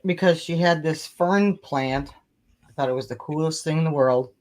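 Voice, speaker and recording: A woman co-host in casual chat, telling a childhood memory in a relaxed way. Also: low voice, moderate pace, low-quality recording.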